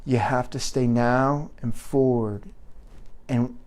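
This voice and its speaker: A man's voice: mid-range voice, steady tone, slow pace, a little mellow. A man hosting a live stream, rambling and restarting his sentences as he reads chat and gives an earnest pep talk. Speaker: livestream host reading viewer chat. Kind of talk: unscripted live commentary.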